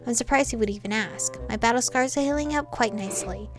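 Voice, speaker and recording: A woman's voice: a little high, fast talker, soft background music. Chatty woman reading a dating game. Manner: chatty, giggly asides. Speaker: game player reading aloud. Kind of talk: reading a visual novel with commentary.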